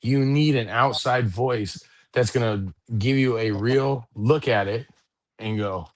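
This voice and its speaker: A man's voice: medium pitch, slow pace, no echo. A middle-aged man co-hosting a casual podcast, rambling and swearing freely, and often asking "you know what I mean". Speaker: podcast co-host. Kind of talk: casual chat.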